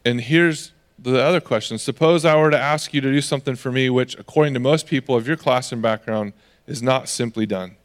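In a brisk, mid-range voice, this man preaches a conversational, animated sermon as a pastor, lively throughout and shifting into the voices of the people he's quoting.

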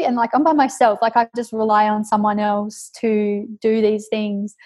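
Young woman guest, higher voice with a flat melody, chatty and casual, full of fillers. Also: normal speed. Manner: chatty, laughs often, many fillers. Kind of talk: casual conversational storytelling.

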